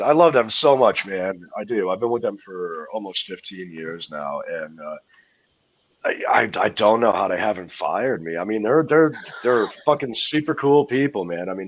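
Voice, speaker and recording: With a voice on the low side and a fairly bright tone, a touring musician guesting on a podcast tells casual, profane stories at a moderate pace. His intonation is lively, he wanders from point to point, and he laughs often. The audio is lo-fi.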